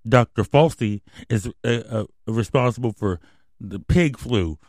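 This podcast host's radio show features him swearing his way through a crude, conspiratorial rant before settling into an emotional, subdued close. His mid-range voice is a little mellow and a little slow. The audio is clean studio sound with no echo.

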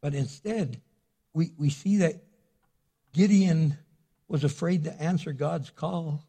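Husky-voiced man preaching casually. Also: a little high, takes it slowly, warm tone. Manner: casual storytelling with many restarts. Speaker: pastor. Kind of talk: sermon.

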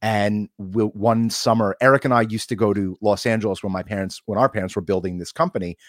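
A man hosting an interview, telling stories in a lively, casual way. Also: lowish voice, brisk, no echo, studio quality. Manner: animated storyteller. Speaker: podcast host.

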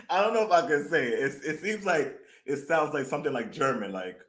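A man co-hosts a podcast in a relaxed, rambling way and laughs a lot. His slightly high voice swings widely in pitch. The recording picks up a roomy echo. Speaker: podcast co-host. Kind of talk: casual chat.

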